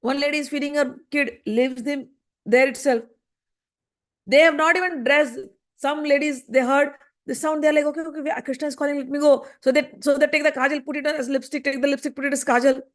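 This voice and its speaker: A high-voiced woman leads a scripture class. She tells the story with animation and acts out the voices of the people in it. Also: fairly even intonation, a little fast.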